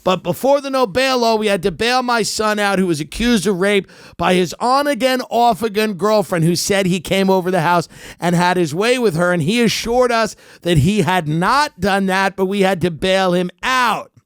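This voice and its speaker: A man playing a broke, bitter middle-aged father and devoted fan, ranting and working himself up to shouting. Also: sits high, normal speed, clean tone, no echo, studio quality. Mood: grumbling. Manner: escalating unhinged rant, shouting.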